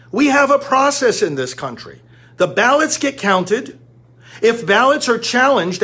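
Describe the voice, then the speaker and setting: A man's voice: high-pitched, a bit bright, slightly rough. A man from the United States giving an emphatic, lecturing monologue to viewers, repeating key words to drive his point home. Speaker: commentator.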